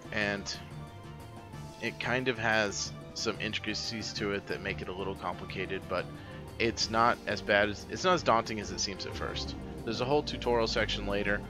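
Low-voiced man rambling over game music. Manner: rambling, filler-heavy explaining. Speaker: let's player. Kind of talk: casual gameplay commentary.

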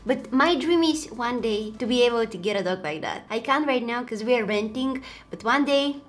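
Woman host, high and expressive, chatty reaction-video delivery. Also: normal speed, slight background noise. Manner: animated, exclaiming and laughing at clips. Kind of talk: casual reaction commentary.

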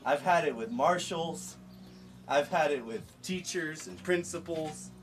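A man's voice: a little high, a little slow, soft background music. A man from the United States chatting casually with viewers on a livestream while he works on craft pieces outdoors, joking and laughing often. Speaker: livestreamer making stone-look art.

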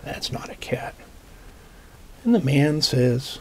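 A man reading a picture book aloud to children, gently explaining the pictures as he goes. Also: on the high side, sing-song, slow, pauses often. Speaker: storytime reader.

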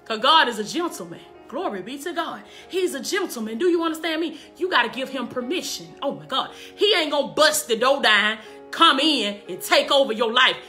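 A woman preaching on a live stream from her kitchen, her voice high and ringing. She speaks with fervor, circling back to the same calls of praise and checking in with her listeners. Soft music plays behind her. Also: expressive, a little fast. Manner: fervent, repeats praise calls and "do you understand me"; laughs often while preaching. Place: home kitchen.

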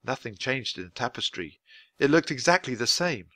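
Lively male storybook reader. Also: mid-range voice, no room sound. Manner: clear, deliberate storytelling for learners. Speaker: audiobook reader. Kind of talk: children's book read-aloud.

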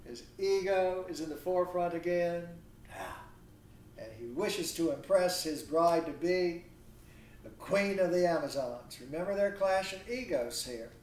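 A man giving a recorded literature lecture, halting with many pauses and fillers, reading quoted verse with louder emphasis. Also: sits high. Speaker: literature instructor. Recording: roomy echo, distant mic, faint noise.

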